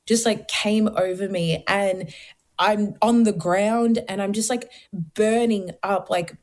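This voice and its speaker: A woman's voice: mid-range voice, steady tone, takes it slowly, darkish tone. Young woman, earnest storytelling, casual fillers, interview guest. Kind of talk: personal testimony in an interview.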